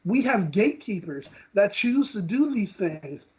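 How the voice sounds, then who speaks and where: A man's voice: high voice, sing-song, unhurried, a little mellow. Man co-host, indignant casual rant, slightly dull lo-fi mic. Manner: heated, indignant, quotes people in voices.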